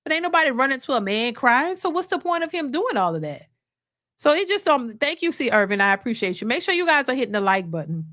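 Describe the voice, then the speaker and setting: A woman's voice: high voice, quick pace, dry recording, clean studio sound. A woman, talking casually and emphatically as host of a livestream. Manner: animated, emphatic, restarts often. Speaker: host of a reaction channel.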